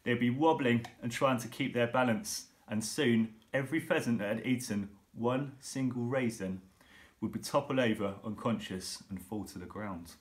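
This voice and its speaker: A doting, enthusiastic father from a storybook, warmly affectionate and swept along by his own scheme, as read by a man. He talks to his son with fond, eager assurance. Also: medium pitch, normal speed, natural voice. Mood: dreamy. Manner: affectionate, carried away by his plan.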